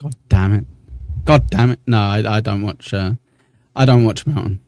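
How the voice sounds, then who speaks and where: A man's voice: on the low side, moderate pace, darkish tone, dry recording. Dry-sounding man chatting on a livestream. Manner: chatty, laughing, thanking viewers by name. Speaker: livestream host. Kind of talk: casual livestream chat reading comments.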